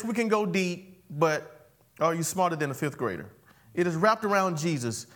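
A man's high-pitched preaching voice that swings widely up and down. He delivers a sermon in a playful, animated way, throwing questions at the congregation and waiting for their amens. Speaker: pastor. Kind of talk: sermon with call and response.

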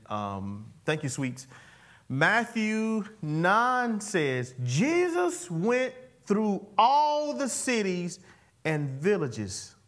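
A male pastor preaching a sermon, playful and animated, constantly calling the congregation to answer "amen". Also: high-pitched. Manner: animated, playful, calls for amens. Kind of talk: sermon with call and response.

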